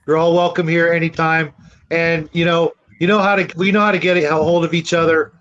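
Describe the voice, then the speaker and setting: High-pitched man on a muffled line, warm and rambling. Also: flat delivery, fairly quick. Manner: warm, rambling, many "you know" fillers. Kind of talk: casual chat.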